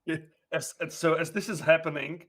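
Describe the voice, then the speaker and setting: A man playing a tabletop game, relaxed and thinking out loud. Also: fairly high pitch, normal speed. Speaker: player. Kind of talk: casual tabletop play.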